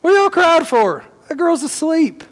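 Blunt, commanding Jesus, as a preacher puts him on. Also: male voice, very high voice, big pitch swings, moderate pace, in a large hall, voice pushed up. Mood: incredulous. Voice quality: casual, slangy delivery. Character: commanding adult male Jesus, blunt and impatient.

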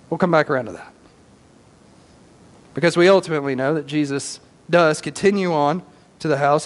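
High-voiced preacher. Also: male voice, big-room sound. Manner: animated storytelling with casual slang. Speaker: pastor. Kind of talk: sermon.

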